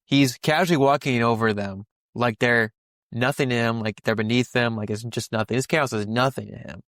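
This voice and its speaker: A man's voice: mid-range voice, moderate pace, fairly bright tone, dry recording, studio quality. A young man co-hosting a podcast, talking through a Bible passage in a casual, rambling way with many restarts and fillers. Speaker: podcast co-host.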